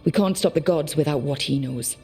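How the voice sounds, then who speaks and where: A Geordie adventurer. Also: female voice, sits low, fairly quick, dark tone, husky, faint music behind, heavily acted. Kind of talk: video game dialogue.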